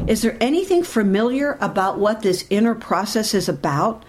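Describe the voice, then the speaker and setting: A woman giving a motivational talk, speaking directly to her listeners in an animated way. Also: medium pitch, moderate pace, few pauses, a little hiss or hum.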